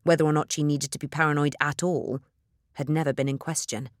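In clean studio sound free of any room reverberation, a low-pitched woman reads scripted audiobook narration, keeping her storytelling even and measured.

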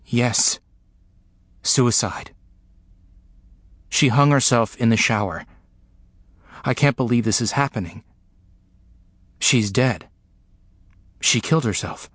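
A man reading a first-person memoir aloud, in a slow, grave, repetitive delivery. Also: medium pitch, a bit bright, no room sound. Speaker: narrator.

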